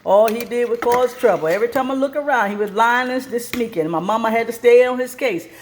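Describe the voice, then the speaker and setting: A woman hosting a cooking show and telling a story at her kitchen stove, lively and plain-spoken. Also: fairly high pitch, a little fast, slight background noise.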